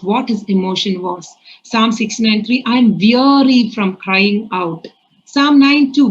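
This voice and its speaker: A woman's voice: mid-range voice, highs cut off. A woman with an Indian accent preaching a sermon in an earnest way, asking many rhetorical questions.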